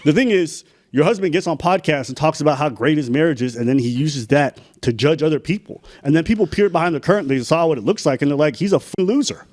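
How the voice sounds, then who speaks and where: A man's voice: fairly high pitch, quick pace, few pauses, darkish tone, no echo, clean studio sound. A man on a podcast giving a blunt, profane rant in casual chat. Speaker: podcast co-host.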